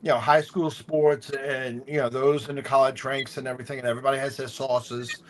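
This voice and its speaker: A man's voice: mid-range voice, little pitch movement, brisk. A man co-hosting a sports talk show, ranting heatedly and swearing often. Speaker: podcast co-host.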